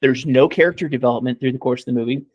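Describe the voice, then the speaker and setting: A man's voice: medium pitch, steady tone, very fast, breathy edge, dry recording. A man co-hosting a podcast in casual chat, giving sarcastic mock praise and rambling with many fillers. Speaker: podcast co-host.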